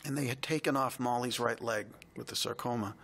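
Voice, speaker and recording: A man co-hosting a podcast, telling a heartfelt personal story in a reflective, halting way. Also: medium pitch, creaky, a bit bright, breathy edge. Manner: reflective, halting, emotional retelling.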